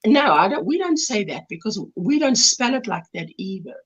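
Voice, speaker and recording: Lively, husky South African woman on a call. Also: mid-range voice, normal speed, lo-fi sound. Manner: chatty, laughs while explaining. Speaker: guest. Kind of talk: casual video-call interview. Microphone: video call.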